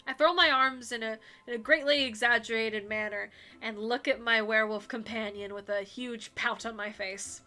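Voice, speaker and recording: Bright, playful woman streamer. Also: a little high, steady tone, soft background music. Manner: playful, quick asides with laughter. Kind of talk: game read-through with chatty asides.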